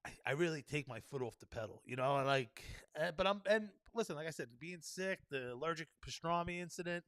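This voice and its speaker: High-voiced ranting New man. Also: lively intonation, a little fast, a bit bright, no echo. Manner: profane, ranting, full of "you know what I mean". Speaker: podcast host. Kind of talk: solo podcast rant.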